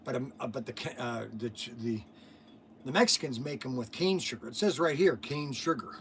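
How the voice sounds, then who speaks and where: A man's voice: medium pitch, normal speed, a bit bright, slight background noise. A man hosting a store livestream, telling casual stories in a rambling way, repeating himself and laughing at his own tales. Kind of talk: casual storytelling.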